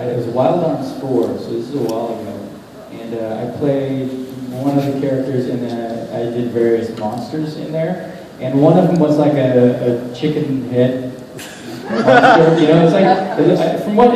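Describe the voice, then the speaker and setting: A man's voice: medium pitch, mellow. A man, a voice actor guest, answering fan questions in a laid-back, rambling way, laughing often. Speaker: voice actor guest at a convention panel. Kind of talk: casual convention Q&A storytelling. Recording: echoey convention hall, distant mic, noisy.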